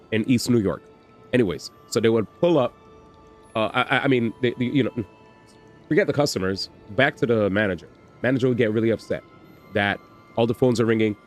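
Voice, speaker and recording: Man streamer, casual storytelling, slangy, swears, faint music behind. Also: lowish voice. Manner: animated, slangy, swears, repeats himself. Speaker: livestream host.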